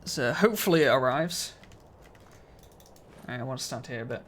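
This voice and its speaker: A man's voice: mid-range voice, lively intonation, normal speed, fairly bright tone. A man streaming a video game live, chatting casually with his viewers in a laid-back, slightly mumbly way and chuckling often.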